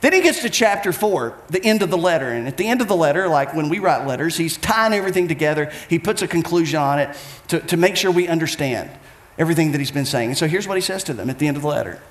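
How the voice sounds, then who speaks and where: A man's voice: on the high side, animated, quick pace, roomy sound. A man preaching a sermon as pastor, with an emphatic, repetitive cadence.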